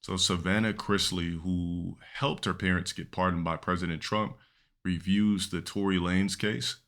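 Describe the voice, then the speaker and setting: A man's voice: low voice, fairly even intonation, moderate pace, a bit bright. A male streamer chatting casually and bluntly, reacting crudely to clips. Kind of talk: casual livestream chat.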